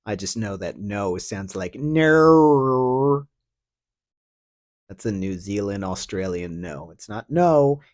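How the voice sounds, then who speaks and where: A man's voice: lowish voice, animated, slow pace, pauses often. A man hosting a podcast alone, talking through a story in a casual, profane, sardonic ramble full of fillers. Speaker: podcast host. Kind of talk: casual solo commentary.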